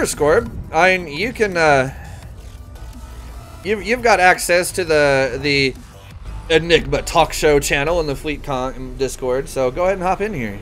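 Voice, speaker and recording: A male streamer in casual conversation, his voice sitting a little high. He rambles, restarts sentences and laughs easily, with quiet music playing behind him. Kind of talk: casual live-stream chat.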